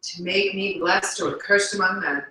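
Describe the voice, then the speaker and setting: Brief: woman reading a grand, boastful prince, bright tone, echoey distant room. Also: mid-range voice, fairly even intonation, unhurried. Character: boastful noble male prince suitor. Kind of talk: live read-aloud of a play.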